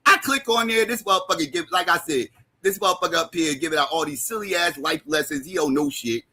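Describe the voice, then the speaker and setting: A man delivering a profane, heated roast rant on a livestream, mocking and often shouting. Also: high-pitched, big pitch swings, fast, gravelly, husky.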